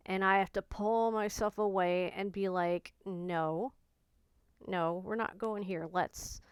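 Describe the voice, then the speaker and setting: A woman's voice: fairly low pitch, clear, resonant tone, no room sound, rough recording. A woman talking candidly and earnestly in a personal vlog, reflecting on her own reactions and on learning to be patient with herself. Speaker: vlogger.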